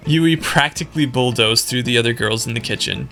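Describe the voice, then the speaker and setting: A man's voice: medium pitch, normal speed, pushed and bright, soft background music. A young man narrating a game let's play, laughing often and mocking his own reading. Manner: giggly, self-mocking. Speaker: gaming video creator.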